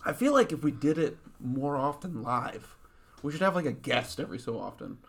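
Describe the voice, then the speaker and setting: A bright, lively man co-hosting a loose podcast recorded in person. His voice sits fairly high and swings widely as he jokes and laughs through the banter. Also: normal speed. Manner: laughs often, joking. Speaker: podcast co-host.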